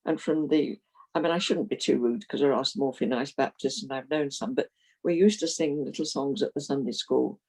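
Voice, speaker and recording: A woman's voice: extremely low pitch, brisk, darkish tone, slightly rough, low-quality recording. A woman in her eighties from London, talking freely about her past in an interview and laughing often as she tells stories. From London, England. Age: 80s. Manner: chatty, frank, laughs while telling stories. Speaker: retired minister, interviewee. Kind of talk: reminiscing interview.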